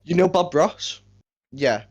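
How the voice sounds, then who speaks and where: A man's voice: a little high, lively intonation, takes it slowly. A young man co-hosting a podcast, chatting in a laid-back way and often chuckling. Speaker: podcast co-host. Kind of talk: casual chat.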